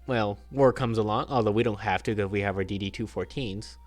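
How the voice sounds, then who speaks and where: A man's voice: lowish voice, brisk, no echo, faint music behind. A man hosting a let's play, chatting casually and sarcastically with heavy swearing. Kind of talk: casual gaming commentary.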